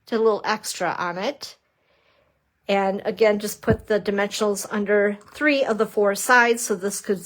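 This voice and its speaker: A middle-aged woman demonstrating papercrafting on a live stream, chatty and bubbly, teasing herself and greeting viewers. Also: medium pitch. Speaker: papercrafting instructor.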